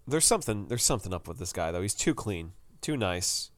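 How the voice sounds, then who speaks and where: A man's voice: low voice, a little fast, dry recording. A man co-hosting a podcast, recapping a TV drama episode in casual chat and acting out lines from the scenes. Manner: animated, retells scenes with quoted lines. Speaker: podcast co-host.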